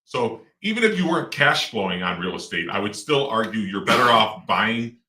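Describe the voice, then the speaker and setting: A man's voice: lowish voice, lively intonation, normal speed, bright, forceful tone. A middle-aged man, a real estate investor and guest, talking casually in a rambling way with lots of fillers and restarts. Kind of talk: casual interview talk. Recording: roomy echo, distant mic.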